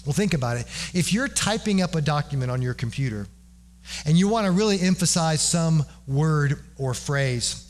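Male pastor, slightly high voice, earnest sermon delivery with everyday examples. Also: animated, normal speed, slight background noise. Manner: earnest, explaining with everyday examples and dramatic repetition.

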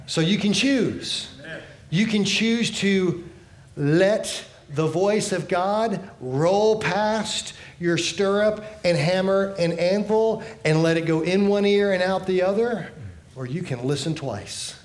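A man preaching a sermon with earnest delivery, often dropping low and soft at the ends of phrases. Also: slow pace, echoey room. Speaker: pastor.

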